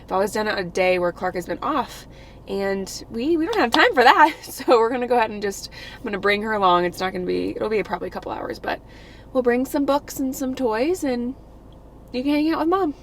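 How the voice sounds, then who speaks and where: A woman's voice: mid-range voice, a little fast, slight background noise. A young woman vlogging with casual, upbeat chatter, full of "like" and "you know.". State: out of breath. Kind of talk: casual vlog chat.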